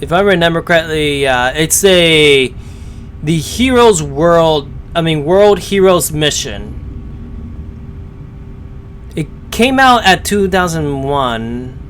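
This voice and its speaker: A man talks through a live stream in a loose, hesitant ramble, full of fillers and restarts. His voice sits a little high. A faint low rumble hums underneath. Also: a bit bright. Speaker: streamer reacting to a story. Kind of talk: casual live-stream commentary.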